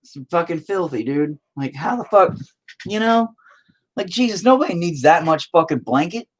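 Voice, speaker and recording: While painting on a live stream, a man chats loosely with viewers, swearing nonstop and hopping from joke to joke. His expressive voice moves at a moderate pace, its pitch swinging from high peaks to low dips.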